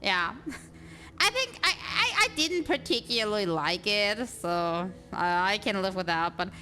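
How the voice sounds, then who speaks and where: A woman's voice: mid-range voice, big pitch swings, unhurried, sharp tone, a little hiss or hum. A woman streaming a video game and chatting casually, rambling with lots of fillers and small laughs. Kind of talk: casual livestream chat.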